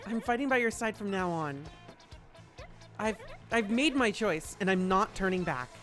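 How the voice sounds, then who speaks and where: A shy young ghost girl, as a man puts her on while reading game dialogue aloud. She speaks timidly and haltingly, a little higher than the performer's own voice, and her phrasing rises and falls in lively curves. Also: faint music behind. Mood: apologetic.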